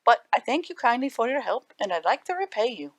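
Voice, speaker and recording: A woman putting on a high, sly little leprechaun man. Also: sing-song, fairly quick, no room sound. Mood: pleading, scolding, sly. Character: small male leprechaun, sly and firm.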